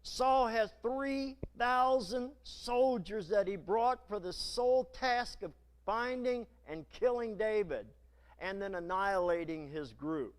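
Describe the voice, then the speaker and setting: A male pastor preaching a sermon in a church, retelling scripture in a dramatic, animated storytelling manner. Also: sits high, takes it slowly, clear, resonant tone.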